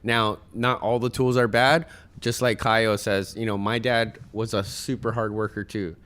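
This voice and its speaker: Smooth-voiced man giving earnest parenting advice. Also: on the low side, little pitch movement, a little slow, fairly bright tone. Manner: earnest, motivational, speaks to listeners directly; tells stories and acts out other people's voices. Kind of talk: casual podcast chat.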